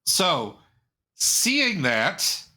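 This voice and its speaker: Man, podcast co-host, jokey, meandering, fairly high voice, bright. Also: huge pitch swings, very slow. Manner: meandering storyteller, many restarts, jokey. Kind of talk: casual chat.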